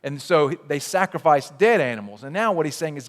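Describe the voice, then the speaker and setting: Animated male preacher in a reverberant church. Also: a little high, fairly quick. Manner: animated preaching with rhetorical questions and repetition. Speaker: pastor. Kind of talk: sermon. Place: church sanctuary. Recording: long hall reverb.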